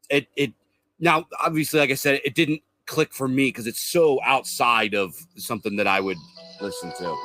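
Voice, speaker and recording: A man's voice: mid-range voice, sharp tone, dry recording. A man co-hosting a podcast, casually reviewing an album with many fillers and restarts, swearing now and then. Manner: rambling, lots of restarts and fillers. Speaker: podcast co-host.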